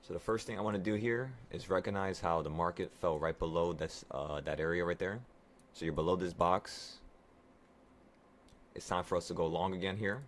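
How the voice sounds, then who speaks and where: A man who is sick, excitedly and profanely talking viewers through his live trades and cursing at himself. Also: low voice, normal speed, slight background noise. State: sick, voice affected by illness. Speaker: trading vlogger. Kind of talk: live trading commentary to viewers.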